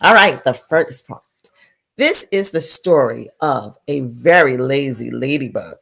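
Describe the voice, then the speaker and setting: Animated woman reading to kids. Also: extremely low pitch, unhurried, creaky, husky. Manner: animated, exclamatory, asks the children questions. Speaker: storytime reader for children. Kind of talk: reading a picture book aloud.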